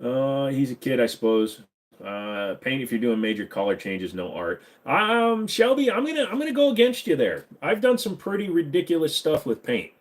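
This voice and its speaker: A man's voice: mid-range voice, sing-song, normal speed. A man in his thirties hosting a live stream, reading chat questions aloud and answering them in a loose, joking way. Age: 30s. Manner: loose, joking, swings between mumbled asides and loud hype.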